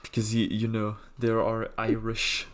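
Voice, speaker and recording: A man's voice: lowish voice, completely flat delivery, a little slow. A man hosting a podcast, telling stories in casual chat and chuckling often. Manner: storytelling, chuckles often, slight restarts.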